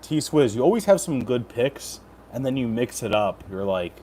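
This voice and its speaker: Man in his thirties, live-stream host, joking and profane, mid-pitched voice, faint background noise. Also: sing-song, normal speed, darkish tone. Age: 30s. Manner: joking, profane, reads chat aloud. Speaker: betting picks streamer. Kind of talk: casual live-stream chat.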